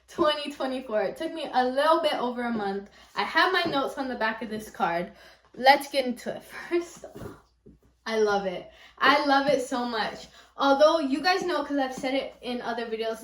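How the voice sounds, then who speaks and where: A woman's voice: high-pitched, fairly bright tone. A young woman with a Californian accent, chatting casually about a book she just finished, rambling and gushing with lots of fillers. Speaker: book vlogger. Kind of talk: casual book review chat. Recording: echoey room, a little far from the mic.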